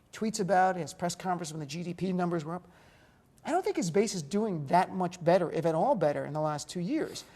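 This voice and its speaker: A middle-aged man from North Jersey, co-hosting a political discussion, talking fast and animated with jokes. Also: high voice. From North Jersey, USA. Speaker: co-host.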